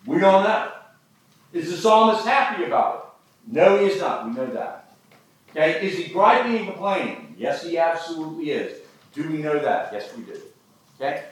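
A man's voice: on the high side, sing-song, normal speed, roomy sound, a little hiss or hum, low-quality recording. A man preaching a sermon, telling folksy stories with jokes. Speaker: pastor.

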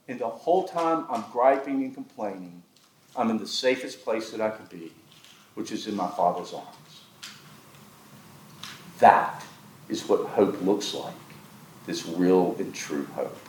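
A man's voice: on the low side, measured pace, long pauses, a little mellow, roomy sound, low-quality recording. A man preaching a sermon, telling folksy stories with jokes. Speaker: pastor.

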